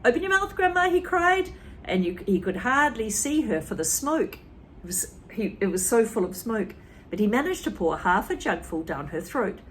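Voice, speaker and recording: A woman teacher reading a children's story to a class, with expressive delivery and asides to the listeners. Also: mid-range voice, normal speed, slight background noise. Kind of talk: children's story read-aloud.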